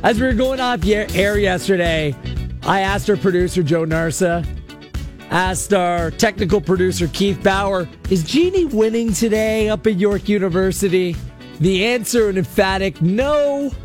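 A man's voice: sits high, a little slow, soft background music. A man from Canada hosting a call-in sports radio show, ranting with emphatic sarcasm while he is losing his voice. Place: radio studio.

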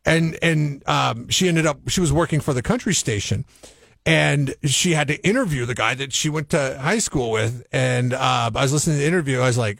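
Gravelly laughing radio co-host man. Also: mid-range voice, a little fast, no room sound. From California. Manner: laughs often, chatty and animated. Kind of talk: casual morning radio banter.

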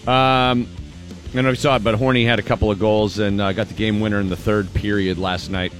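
Relaxed male morning radio host. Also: lowish voice, soft background music. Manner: relaxed, chatty, with many "uh" pauses. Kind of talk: morning radio sports update. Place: radio studio.

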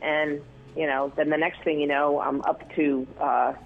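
A man telling stories as an interview guest, rambling with many fillers and restarts, his voice gravelly and husky. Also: on the high side, level tone, a little slow. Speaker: news photographer, interview guest. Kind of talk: casual interview storytelling. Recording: tinny phone line.

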